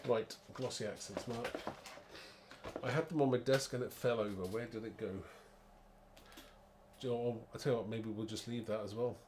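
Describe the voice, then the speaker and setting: A man's voice: mid-range voice, steady tone, moderate pace, a little mellow, a little hiss or hum. A man hosting a live card-making demo, chatty and rambling, thinking aloud and laughing at his own muddles.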